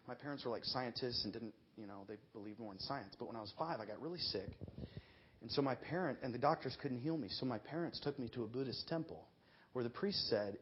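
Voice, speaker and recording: A middle-aged man preaching a sermon as an animated storyteller, bursting into shouts and laughter. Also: mid-range voice. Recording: dull lo-fi recording.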